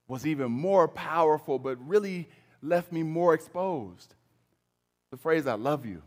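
A man preaching a sermon, moving between emphatic loud passages and hushed, low-voiced lines. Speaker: pastor. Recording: long reverb of a large hall.

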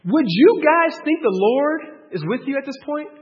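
Male pastor, high voice, lively conversational sermon, dull sound with long hall reverb. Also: moderate pace. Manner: animated, shifts from low asides to loud outbursts; conversational, street-style phrasing with rhetorical questions.

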